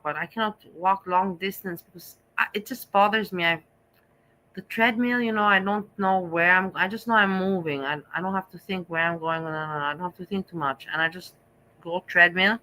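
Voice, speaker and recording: Middle-aged female host, confessional and repetitive, bright edge to the voice. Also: mid-range voice, poor audio. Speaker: vlog host. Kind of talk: candid casual chat.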